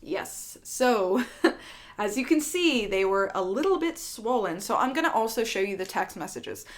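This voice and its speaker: A woman's voice: mid-range voice, big pitch swings, normal speed. A young woman vlogger telling a candid storytime, rambling and swearing freely with lots of fillers. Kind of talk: storytime vlog.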